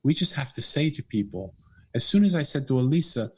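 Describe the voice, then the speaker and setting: A middle-aged man, a podcast guest and author, telling a personal story in an earnest, animated way. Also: medium pitch, a little fast, slightly rough. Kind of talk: conversational storytelling.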